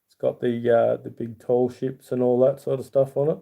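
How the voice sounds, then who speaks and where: An Australian man in middle age chats casually to his viewers, wandering from topic to topic in a relaxed, friendly way. His voice sits at an ordinary pitch but sounds very dark and mellow. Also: moderate pace, creaky. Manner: rambling, friendly, reads chat aloud. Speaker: YouTube channel host. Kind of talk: casual livestream chat.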